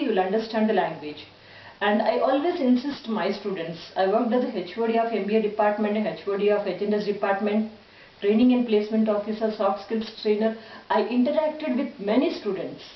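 A woman's voice: mid-range voice, a little hiss or hum. A middle-aged woman with an Indian English accent, teaching English communication in an earnest, instructive way that repeats itself a lot. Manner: earnest and instructive, with many repetitions. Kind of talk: motivational lesson. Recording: roomy, distant, muffled recording.

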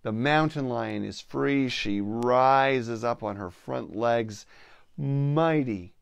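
A man telling a story to listeners with a spiritual theme, slow with playful asides. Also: mid-range voice, creaky, smooth, no room sound. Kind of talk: storytelling talk.

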